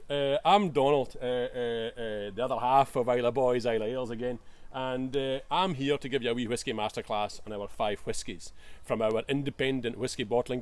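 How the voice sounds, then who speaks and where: A man's voice: medium pitch, clear, resonant tone. A Scottish man presenting a casual whisky tasting, enthusiastic but full of hesitant fillers and restarts.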